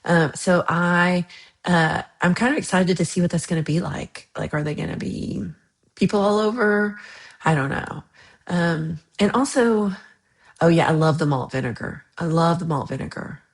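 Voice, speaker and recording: A woman's voice: on the low side, moderate pace. A woman hosting a casual livestream, chatting and reacting to viewer comments in a rambling way with frequent laughs. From United States. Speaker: livestream host.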